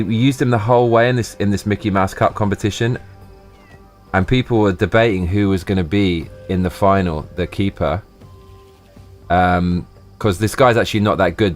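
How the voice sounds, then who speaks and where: A man live streaming, ranting and swearing in excited bursts. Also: low voice. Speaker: livestreamer.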